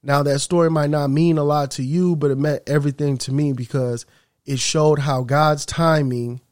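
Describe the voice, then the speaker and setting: A man's voice: fairly high pitch, fairly even intonation, moderate pace, a little mellow, no room sound, clean studio sound. A man hosting a podcast, telling a faith story and reflecting on it in an earnest, preaching way. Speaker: podcast host.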